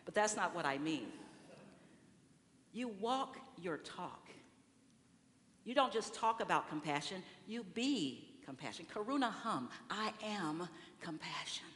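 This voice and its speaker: A woman's voice: medium pitch, sing-song, unhurried, pauses often. A woman giving a conversational sermon in a church, asking the congregation questions and acting out what people say. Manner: conversational preaching with rhetorical questions and acted-out quotes. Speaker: speaker at a church service. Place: large church sanctuary. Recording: reverberant hall, faint room noise.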